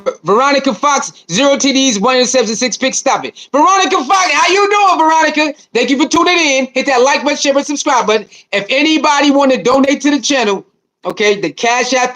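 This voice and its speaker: High-voiced animated livestream host. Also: male voice. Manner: animated, repetitive, slangy banter with viewers. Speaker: livestream host reading chat. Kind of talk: casual livestream chat.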